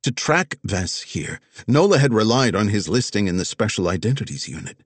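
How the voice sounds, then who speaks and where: Low-voiced man narrating a crime audiobook. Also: moderate pace, husky, no echo. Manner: expressive, dramatic storytelling.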